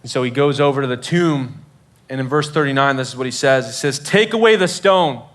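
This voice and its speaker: A man's voice: mid-range voice, fairly even intonation, fast talker, a bit bright. A man preaching a sermon to students in a casual, conversational way, full of fillers and acted-out quotes. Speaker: youth pastor.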